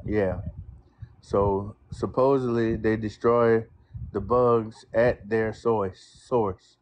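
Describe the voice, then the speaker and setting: A man who is a guest gardener in a casual live-stream chat, speaking in a measured way with "uh" pauses. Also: on the low side, steady tone, dull audio, slight background noise.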